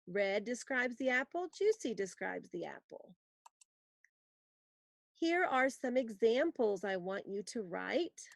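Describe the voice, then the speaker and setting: A woman teaching a recorded grammar lesson, explaining patiently and reading example sentences slowly for students to write down. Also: a little high, sing-song, creaky, no room sound, clean studio sound.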